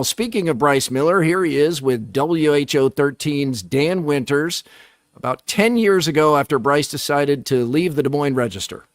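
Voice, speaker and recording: A man's voice: mid-range voice, no room sound. A man co-hosting a casual sports talk show, joking around and reading sponsor plugs. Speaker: co-host.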